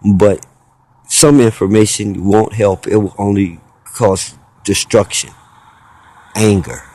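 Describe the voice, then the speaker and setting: A man's voice: lowish voice, steady tone, slow, warm tone. A man delivering a rambling, preachy spoken monologue, arguing his point with rhetorical questions and mock voices.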